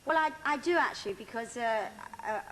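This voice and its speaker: A woman's voice: on the high side, fairly quick, a bit bright, slight background noise, poor audio. A woman guest chatting and reminiscing, giggly and calling people darling. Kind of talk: casual chat.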